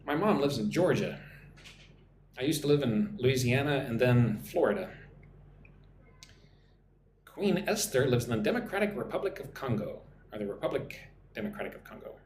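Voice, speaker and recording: A man's voice: medium pitch, expressive, normal speed, long pauses, darkish tone, reverberant, a little hiss or hum. A man from Texas with a mild Texan accent, teaching English on a live stream and reading viewer comments aloud in a chatty way. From Texas, USA.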